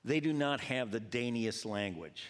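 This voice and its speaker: A man from Georgia delivers a sermon in a church hall, shifting into animated storytelling with voiced quotes. His voice sits at an ordinary middle pitch. A long reverb from the hall trails after each phrase. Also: measured pace. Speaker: pastor.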